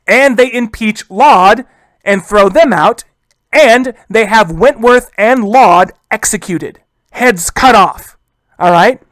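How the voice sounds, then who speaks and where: In a casual recorded history lecture, a man keeps addressing his listeners as "guys" and slips into quick asides acting out historical figures. His voice is high-pitched with a fairly bright tone, and the recording is dry.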